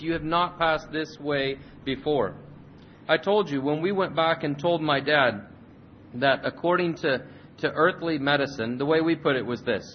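A man preaching a sermon and leading a prayer, earnest, repeating and restarting phrases. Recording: slightly muffled recording with faint rumble.

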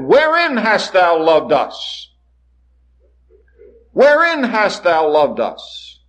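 A man preaching a sermon, swinging from soaring lines to hushed ones and acting out the voices he quotes. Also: a little high. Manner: dramatic rises and hushed drops, acts out quoted voices.

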